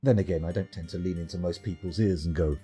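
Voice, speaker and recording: A man's voice: sits low, steady tone, fast talker, warm tone, faint music behind. A man casually commenting on his game during a live stream, joking, rambling and reading out chat messages. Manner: jokey, rambling, reads chat aloud.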